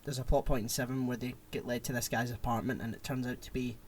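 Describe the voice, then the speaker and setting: A man co-hosting a podcast, chatting casually and retelling a film plot in an animated, rambling way. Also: medium pitch, fast talker, slight background noise. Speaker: podcast co-host. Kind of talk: casual chat.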